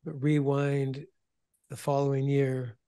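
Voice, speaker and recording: A man telling an emotional testimony about starting his ministry, earnest, often restarting and repeating words, dropping to a hush when quoting. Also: mid-range voice, monotone, takes it slowly, clear, resonant tone. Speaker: ministry founder and guest.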